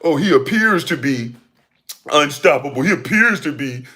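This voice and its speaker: A man putting on the voice of a smug, condescending male pundit, talking in a soft, mock-refined drawl. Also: fairly high pitch, lively intonation, normal speed.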